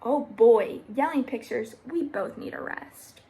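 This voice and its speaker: A woman's voice: fairly high pitch, a little slow, mellow. A woman voicing a nervous grown man art thief in a storybook, with a quivery voice.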